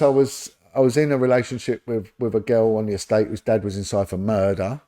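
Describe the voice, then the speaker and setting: Warm-voiced London man telling anecdotes. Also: medium pitch, a little fast, few pauses. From London, England. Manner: animated anecdotes, acting out quoted voices. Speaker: former police detective, podcast guest. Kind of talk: casual storytelling interview.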